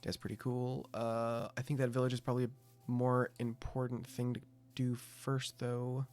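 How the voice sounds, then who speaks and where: A man's voice: medium pitch, level tone, normal speed, a little mellow, faint music behind. A young adult man giving casual gameplay commentary, thinking aloud with self-mocking asides. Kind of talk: casual let's-play commentary.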